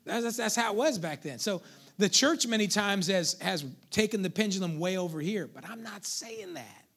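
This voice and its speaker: High-voiced pastor preaching playfully. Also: male voice, expressive, normal speed, a bit bright. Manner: conversational, playful preaching with call-outs to the congregation. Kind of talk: sermon.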